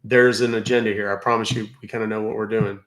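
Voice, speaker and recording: A man's voice: on the low side, flat delivery, quick pace, a bit bright. Chatty Southern man in an echoey room. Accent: Southern American. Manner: chatty, drawling, many fillers. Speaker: livestream host. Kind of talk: casual livestream chat reading comments.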